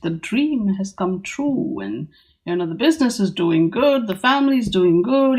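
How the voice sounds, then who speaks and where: A woman hosting a tarot channel, talking casually and musingly as she goes through the cards, now and then acting out the figures on them. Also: medium pitch. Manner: musing, chatty, acts out the figures on the cards in quick asides. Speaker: tarot teacher and channel host.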